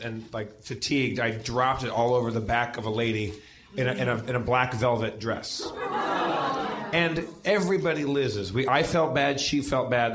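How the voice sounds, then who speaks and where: A man's voice: mid-range voice, fairly bright tone, slight background noise. Stammering, laughing male storyteller. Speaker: podcast co-host. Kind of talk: comedic storytelling. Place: live stage with audience.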